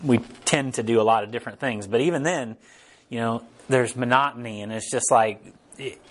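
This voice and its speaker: A man's voice: medium pitch, a little fast. A man giving a casual, conversational sermon to a gathered group. He rambles informally and keeps checking in with his listeners. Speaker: preacher.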